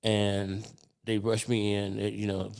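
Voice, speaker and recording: A comedian telling a story in an animated way, acting out other people's voices and getting heated. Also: male voice, lowish voice, slow, vocal fry, smooth. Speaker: podcast guest, comedian.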